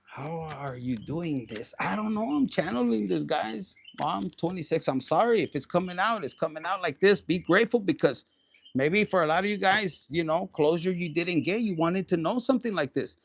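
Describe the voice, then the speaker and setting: A man doing a casual, animated tarot reading, swearing often and slipping into Spanish slang. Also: high-pitched, normal speed, gravelly, no room sound. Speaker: tarot reader.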